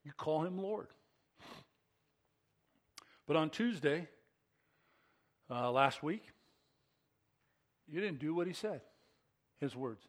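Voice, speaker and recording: Middle-aged male pastor, slightly high voice, preaching with hushed lows and emphatic bursts. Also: slow pace, long pauses. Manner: swings between hushed and emphatic, rising to excited peaks. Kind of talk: sermon.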